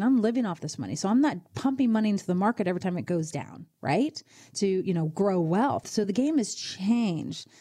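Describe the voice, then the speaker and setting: A woman's voice: mid-range voice, mellow. A woman hosting a radio show as a financial advisor, coaching listeners in a direct, conversational way. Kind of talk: conversational radio advice talk.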